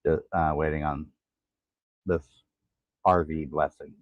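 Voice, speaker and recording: A man in his forties telling his own story in a halting, tired way, pausing to catch his breath. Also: extremely low pitch, little pitch movement, no room sound. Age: 40s. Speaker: vlogger. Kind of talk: casual personal vlog. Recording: tinny phone-like sound.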